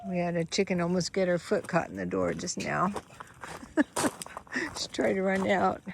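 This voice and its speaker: A woman narrates a farm video in an unhurried, gravelly voice, slipping into soft baby-talk for her animals. She is recorded outdoors on a phone, with clear farm noise and animal sounds behind her. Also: fairly low pitch. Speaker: farm vlogger. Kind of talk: casual narration while filming animals. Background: animal sounds and outdoor ambience.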